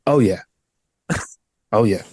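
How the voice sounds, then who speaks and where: A young man, a podcast co-host, teasing and reacting quickly in casual comedy chat. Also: lowish voice, a little mellow, husky, no echo, clean studio sound.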